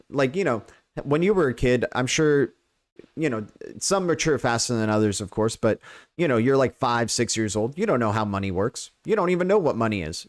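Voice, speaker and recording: An American man hosting a casual livestream, rambling and checking in with "right?" as he explains. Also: mid-range voice. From United States. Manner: rambling, repeats "right?", many fillers. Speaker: crypto livestream host.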